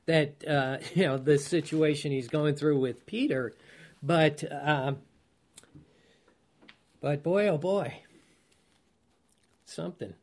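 Slow and full of long pauses, this man's voice sits on the high side with a darkish tone. He teaches a Bible study, reading scripture aloud and explaining it, often chuckling and checking in with listeners through rhetorical questions.

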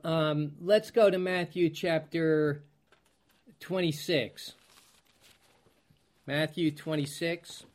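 A man teaching from the Bible as a pastor, reading scripture aloud and often pausing to find his place. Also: on the high side, steady tone. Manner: slow, searching, clears throat, loses place; reads scripture aloud in King James wording.

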